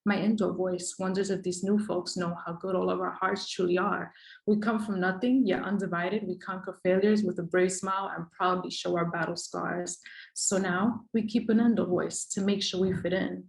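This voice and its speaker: A woman's voice: on the low side, fairly even intonation, normal speed, gravelly, poor audio. A woman performing a rhythmic, emphatic spoken word poem with a repeated refrain. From the Bronx, New York.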